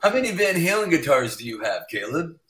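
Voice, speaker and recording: Animated guest guitarist in a roomy room. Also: male voice, on the high side, brisk, a loud crowd. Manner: animated, laughs through his stories. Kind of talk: casual storytelling chat. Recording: roomy echoey sound.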